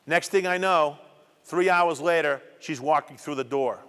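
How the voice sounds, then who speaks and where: A man's voice: a little high, a little slow, a bit bright, clean tone. A middle-aged man giving a personal testimony talk to students, telling his story emphatically with much repetition. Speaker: guest speaker. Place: community program hall. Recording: long hall reverb.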